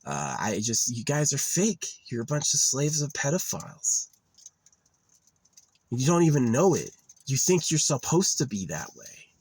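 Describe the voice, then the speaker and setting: A man's voice: mid-range voice, wildly swooping pitch, measured pace, a little mellow, breathy edge. A young man vlogging in a rambling, digressive monologue that drifts into rants, full of fillers.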